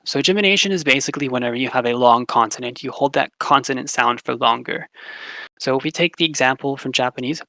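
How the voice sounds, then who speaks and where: A young man explaining phonetics in a casual classroom style, relaxed, with fillers, slowing down to repeat example words. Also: medium pitch, dry recording, rough recording. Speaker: language teacher.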